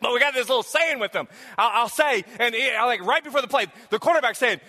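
A man's voice: high voice, lively intonation, fast talker, hardly any pauses, sharp tone, big-room sound. A man preaching a sermon to a congregation in a casual, joking way, then building to emphatic preaching. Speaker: pastor.

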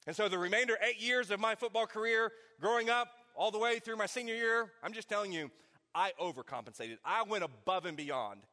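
A man preaches from the pulpit with a high, bright, forward voice. He tells his story warmly and then drops to an intimate near-whisper to land each point, and his words carry a long reverb from a large hall. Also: expressive, fast. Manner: storytelling, drops to a quiet intimate hush for emphasis. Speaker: pastor. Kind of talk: sermon.

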